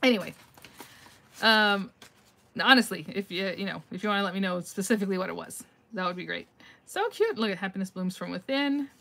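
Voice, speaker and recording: A woman's voice: mid-range voice, animated, brisk, vocal fry, a bit bright. A middle-aged woman hosting a casual live craft-mail reveal on her phone, chatty and gushing, thinking aloud and laughing often as she answers viewer comments.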